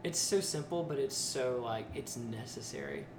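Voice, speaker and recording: A man's voice: medium pitch, huge pitch swings, moderate pace. A man hosting a podcast, chatting in a reflective, conversational way. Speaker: podcast host. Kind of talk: casual interview chat. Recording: echoey noisy room.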